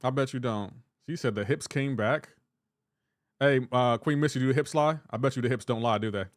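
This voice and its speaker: Southern guy streaming games, reads chat out loud, mid pitch, dry close mic. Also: a little fast, no room sound. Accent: light Southern US. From Southern United States. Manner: chatty, reads viewer messages aloud and reacts. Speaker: gaming streamer. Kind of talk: casual live-stream chat.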